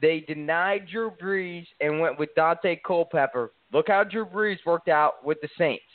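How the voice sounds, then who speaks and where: Man, sports talk host, salesy, hyping picks, higher voice, tinny phone sound. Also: a little slow, no echo. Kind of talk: sports radio banter. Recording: tinny phone-like line, dry.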